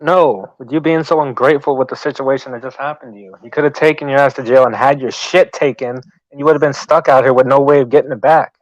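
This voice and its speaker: A man's voice: mid-range voice, fairly even intonation, fast, hardly any pauses, no room sound. Blunt lecturing man, dull sound. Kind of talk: casual livestream argument.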